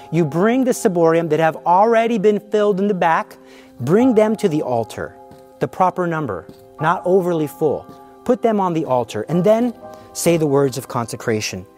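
Brief: a fervent man teaching, lively and slightly high voice, faint music behind. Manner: fervent, emphatic, rhetorical questions. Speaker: Catholic speaker teaching on the Eucharist. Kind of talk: impassioned teaching demonstration.

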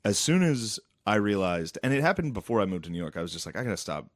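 A young man from Central Pennsylvania in casual podcast banter, crude and laughing, slipping into quick voices for other people. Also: on the low side, sing-song, dry recording, studio quality. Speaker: comedian podcast co-host.

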